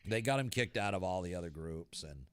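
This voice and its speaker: A man's voice: sits low, expressive, brisk, a bit bright, smooth. A man with a rural New England accent hosting a casual podcast chat, swearing freely and laughing as he tells stories. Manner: profane, laughing storyteller. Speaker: podcast host.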